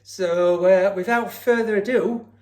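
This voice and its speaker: A man's voice: sits high, fairly even intonation, a little slow. Jokey man in an echoey kitchen. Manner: chatty, jokey. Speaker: cooking vlog co-host. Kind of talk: casual cooking chat.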